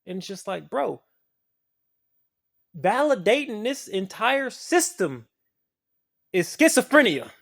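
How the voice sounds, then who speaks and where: A spiritual video creator delivering an impassioned, profane rant to the camera. The delivery swings from low muttering to shouting. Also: very animated, takes it slowly, creaky, long pauses.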